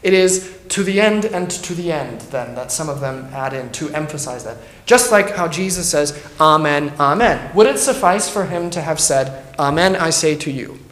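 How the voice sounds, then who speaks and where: A man's voice: on the high side, lively intonation, normal speed, hardly any pauses, fairly bright tone. A man, a pastor, teaching a Bible study in an earnest, emphatic way and thinking aloud as he goes. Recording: roomy echo.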